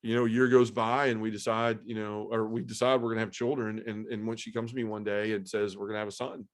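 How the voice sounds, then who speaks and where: Male guest, lowish voice, emotional and earnest testimony style. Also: level tone, quick pace. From Memphis area, US South. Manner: emotional, earnest storytelling with many fillers. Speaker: podcast guest. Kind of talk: personal testimony in conversation.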